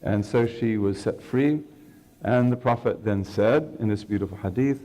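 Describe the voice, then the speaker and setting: Older man, religious lecturer, mellow tone, animated storyteller, asks questions of the audience. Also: lowish voice, normal speed, low-quality recording. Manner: storytelling, animated, acts out quoted speech. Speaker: imam giving a lecture.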